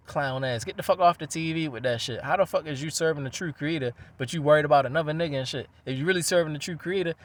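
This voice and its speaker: A man rants in a loose, casual monologue, his voice sitting a little high. He talks profanely and rambles from one point to the next, telling his stories with animated energy.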